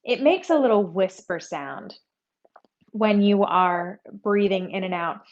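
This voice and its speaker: A woman teaching a yoga class, giving calm, conversational instructions and breathing cues. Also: mid-range voice, slow, lo-fi sound.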